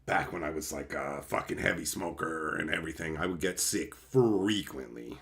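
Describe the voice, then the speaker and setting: A man from Canada hosting a livestream, ranting at viewers with heavy swearing, sarcasm and shouted outbursts. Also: extremely low pitch, moderate pace, creaky. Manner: mocking, sarcastic. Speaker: livestream host.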